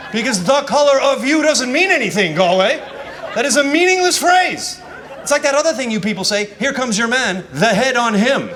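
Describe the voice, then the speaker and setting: An American man from Washington DC doing a stand-up set, telling stories in an animated, exasperated way and acting out bits of dialogue. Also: extremely high pitch. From Washington DC, USA. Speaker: stand-up comedian. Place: comedy festival stage with laughing audience. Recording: live club recording with audience noise.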